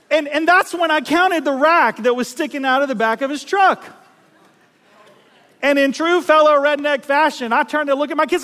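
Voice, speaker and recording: In a large hall, a middle-aged man from South Louisiana preaches a storytelling sermon in a folksy, animated way, acting out voices and laughing at himself. His voice is very high and fairly quick.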